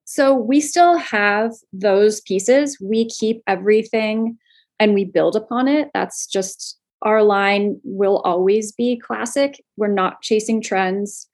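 A woman's voice: mid-range voice, slow. A woman from Florida, co-founder of a clothing brand, telling stories in a casual interview with lots of fillers and laughter. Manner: chatty, animated, laughs often, many fillers.

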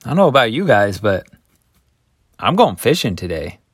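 A man's voice: on the low side, very animated, normal speed, slightly rough, dry recording, studio quality. A man voicing Peter as a blunt, eager fisherman in casual, offhand speech during a retelling.

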